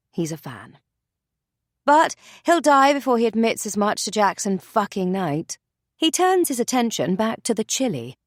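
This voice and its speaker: A woman reading a thriller novel aloud as narrator, in a measured, dry storytelling manner. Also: mid-range voice, darkish tone, no room sound. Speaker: audiobook narrator. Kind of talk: scripted narration.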